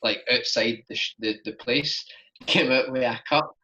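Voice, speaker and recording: Bright-voiced Glaswegian young man rambling. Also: mid-range voice, unhurried. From Scotland. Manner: rambling, fills talk with "like". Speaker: podcast guest. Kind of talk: casual storytelling chat. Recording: dull lo-fi podcast recording.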